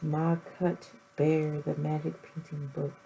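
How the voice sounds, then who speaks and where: A woman vlogger chatting casually through an unboxing, with deadpan joking asides. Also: sits low, slow pace, creaky, poor audio. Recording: loud background noise.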